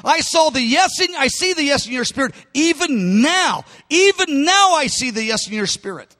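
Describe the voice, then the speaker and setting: A man preaching a sermon voices Jesus as a gentle, insistent man who patiently repeats his questions. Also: very high voice, animated, moderate pace, voice pushed up, full character voice. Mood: tender. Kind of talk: sermon storytelling.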